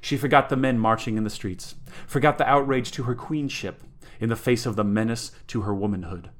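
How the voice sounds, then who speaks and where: A man's voice: medium pitch, brisk. A man co-hosting a podcast, narrating a story aloud and then chatting enthusiastically and jokily. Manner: enthusiastic, jokey in chat. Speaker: podcast co-host reading aloud. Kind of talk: story narration and casual chat.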